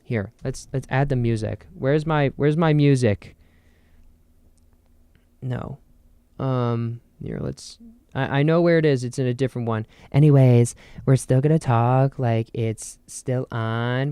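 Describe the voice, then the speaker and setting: A man's voice: mid-range voice, measured pace, mellow, clear, resonant tone, dry recording, soft background music. A young man from New Jersey hosting a solo podcast, rambling in a jokey, self-deprecating way. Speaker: podcast host. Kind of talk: casual solo podcast chat.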